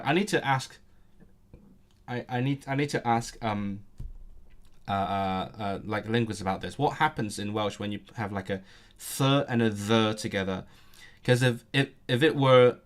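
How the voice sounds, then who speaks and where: A young man streaming casually, reading aloud and thinking out loud, often stumbling and restarting his sentences. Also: medium pitch. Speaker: language-learning streamer.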